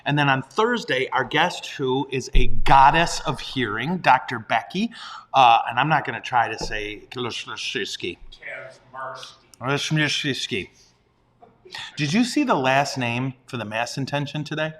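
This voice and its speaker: A man's voice: mid-range voice, lively intonation, normal speed, fairly bright tone. A man who is a priest, chatting casually on a livestream. He jokes at his own expense and chuckles often. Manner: playful, self-deprecating, chuckles often.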